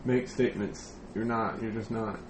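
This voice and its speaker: A man's voice: lowish voice, fairly even intonation, normal speed, roomy sound, over a noisy crowd, rough recording. A man talking bluntly and casually with friends on a podcast, swearing now and then. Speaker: podcast co-host.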